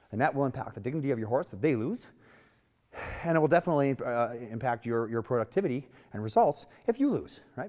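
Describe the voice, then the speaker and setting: A man giving a hands-on lesson as a horse trainer, with coaxing, rhythmic repeated cues and soft praise. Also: medium pitch. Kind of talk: hands-on instruction.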